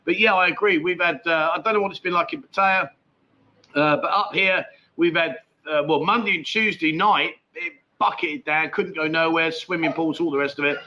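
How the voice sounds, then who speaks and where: A man's voice: fairly high pitch, fairly even intonation, moderate pace, sharp tone, lo-fi sound. A man hosting a live stream chat show from home, rambling casually through viewer comments, swearing freely and laughing often. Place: at home with a dog nearby.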